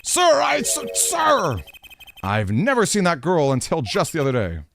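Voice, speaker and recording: A man voicing a jittery, loud male police bailiff who stammers and keeps saying sir. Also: on the high side, huge pitch swings, unhurried, creaky, a little hiss or hum, heavily acted. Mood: nervous blustering.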